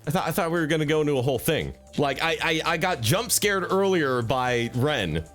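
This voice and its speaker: A man streaming a video game, joking, swearing and talking to his chat with sudden jumps in pitch. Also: expressive, fairly quick, fairly bright tone. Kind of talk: casual gaming commentary. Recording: faint background game music.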